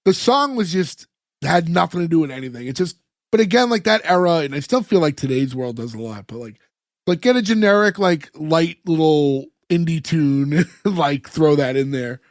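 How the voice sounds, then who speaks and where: A man's voice: a little high, expressive, moderate pace, no room sound, clean studio sound. A man co-hosting a podcast, chatting casually and rambling about a sitcom episode with lots of fillers. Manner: rambling, laughs often, many fillers. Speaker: podcast co-host.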